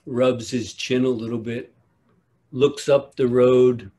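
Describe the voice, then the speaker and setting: A man giving a dharma talk at a retreat, telling a teaching story in a measured way with long pauses. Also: medium pitch, steady tone, mellow. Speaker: meditation teacher.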